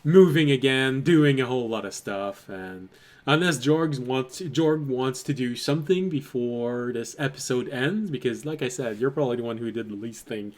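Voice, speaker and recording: A man narrating as game master of a tabletop game, relaxed and laughing often. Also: mid-range voice, moderate pace.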